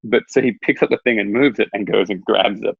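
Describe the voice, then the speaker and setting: A man talks quickly and casually, rambling through anecdotes with a slightly husky, low voice. The sound is dry and a bit dull, like lo-fi video call audio. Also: no echo. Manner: rambling storyteller, laughs at his own anecdote. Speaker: guest. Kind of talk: casual chat.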